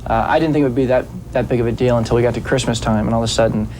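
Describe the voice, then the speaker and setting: A young man in his twenties answering interview questions in an easygoing, halting way. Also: mid-range voice, steady tone, a little mellow, a little hiss or hum, poor audio. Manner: easygoing, halting, many fillers. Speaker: interviewed actor. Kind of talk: casual interview.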